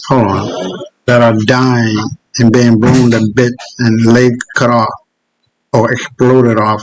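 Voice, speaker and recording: A man hosting his own show, ranting in casual commentary, profane and heated, pausing often to search for clips. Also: mid-range voice, a bit bright, poor audio. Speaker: host.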